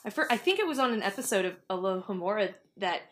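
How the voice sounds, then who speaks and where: A woman's voice: mid-range voice, expressive, fast, fairly bright tone. Woman in casual podcast chat, rambling, self-correcting, laughs a lot. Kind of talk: casual discussion.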